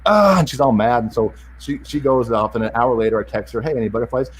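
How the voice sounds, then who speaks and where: A middle-aged man telling a family story in a casual interview, animated and acting out the other voices in it. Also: mid-range voice, quick pace, hardly any pauses, a little hiss or hum, poor audio. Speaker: podcast guest.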